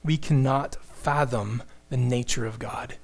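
A man preaching a sermon, emphatic and impassioned, moving between loud declarations and hushed, slow lines. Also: medium pitch.

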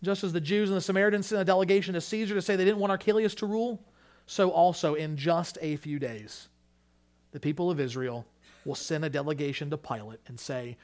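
A man preaching a sermon, stressing his points by repeating phrases and moving between loud, urgent peaks and quiet, hushed drops. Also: a little high, a little fast. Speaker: pastor.

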